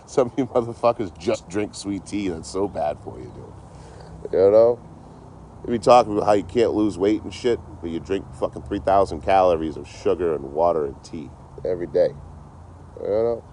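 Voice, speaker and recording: A man's voice: low voice, moderate pace, warm tone, slight background noise. A man from Detroit rambling casually and swearing a lot on an outdoor livestream, talking into his phone. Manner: rambling, heavily profane. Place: outdoors, by a road.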